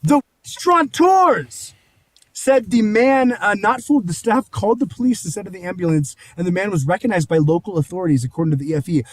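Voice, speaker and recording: High-voiced man joking on a podcast. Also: lively intonation, a little fast, no room sound. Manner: reads news aloud, joking and laughing. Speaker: podcast co-host. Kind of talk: crude comedic banter.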